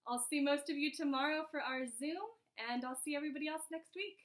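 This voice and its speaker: A woman teacher doing an animated read-aloud for children, asking them questions as she goes, recorded over a video call. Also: high-pitched, fast. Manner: animated, asks listeners questions.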